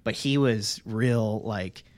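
A man's voice: fairly low pitch, slow, no room sound. A young man hosting a podcast, telling a long work story in casual chat, swearing freely and acting out the people he quotes. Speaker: podcast host.

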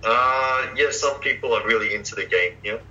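Give me a bright, tense-sounding young man. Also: mid-range voice, normal speed, dull audio. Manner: hesitant, full of fillers and restarts. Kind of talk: casual chat.

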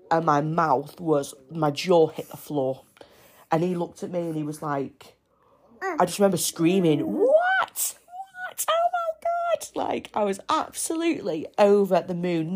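Chatty low-voiced woman. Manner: chatty, excitable, breaks off to coo at her baby. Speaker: podcast host. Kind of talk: casual storytelling.

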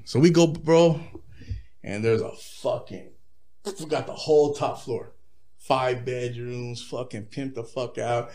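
A man's voice: mid-range voice, moderate pace, a little mellow. A man, a rapper guest in his thirties, telling profane, laid-back stories with frequent laughs in a casual interview.

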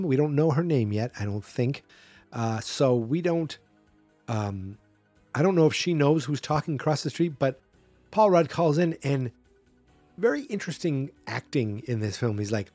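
A man's voice: medium pitch, a little mellow, dry recording. Chatty man hosting a horror podcast. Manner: chatty, rambling, acts out quotes in a raised voice. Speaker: podcast host. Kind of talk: casual solo movie commentary.

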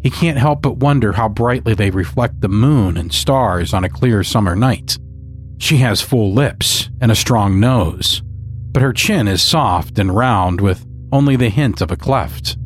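A man narrating a dark story in a measured, scripted storytelling manner. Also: fairly low pitch, lively intonation, faint music behind.

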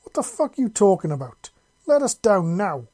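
A man voicing a heavy-set male raider who yells crude threats. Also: on the high side, measured pace, breathy edge. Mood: angry shouting. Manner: yelling, crude.

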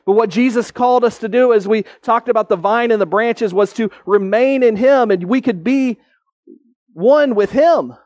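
A pastor with a high voice delivers a sermon with earnest conviction, raising his pitch on the points he wants to land and slowing down sharply for emphasis. The tone is darkish, and the recording is close and dry with no room sound.

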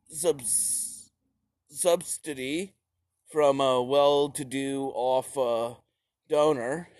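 Slow, profane, rambling young man. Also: medium pitch, a little mellow, no echo. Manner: rambling and profane, with slips and restarts. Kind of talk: casual comedic history rant.

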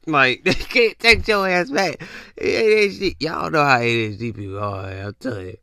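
A man's voice: mid-range voice, sing-song, moderate pace, vocal fry, bright, forceful tone, a little hiss or hum. A man hosting a casual comedic podcast rant, talking close to the mic and acting out confused texters in jumpy voices. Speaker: podcast host.

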